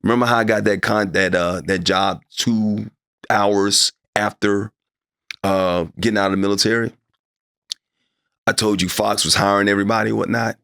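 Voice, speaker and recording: A middle-aged man with a low, gravelly voice tells a story from his career as an interview guest. He acts out each exchange, and his voice shoots up when he replays his disbelief. His delivery is conversational and lively. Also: moderate pace, no echo, studio quality. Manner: acts out his own past dialogue, voice climbing high when upset. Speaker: interview guest, sports broadcaster.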